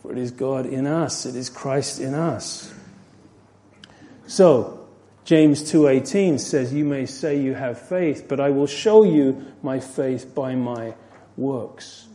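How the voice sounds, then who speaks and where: A man's voice: mid-range voice, slow pace. Earnest man teaching Bible verse by verse. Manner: earnest, rises when stressing a point, drops soft at the close. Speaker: pastor.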